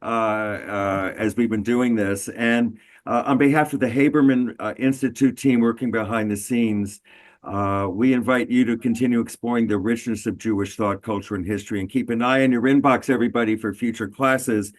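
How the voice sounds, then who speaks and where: A man hosting an interview, asking questions and thanking his guest in an earnest, halting way. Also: mid-range voice, fairly even intonation. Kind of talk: interview questions and closing remarks.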